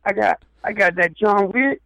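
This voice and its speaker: A man voicing a pushy male hustler hanging around a yard sale, in high street-hustler patter. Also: moderate pace, creaky, pushed and bright, no echo, exaggerated voice, poor audio. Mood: hustling.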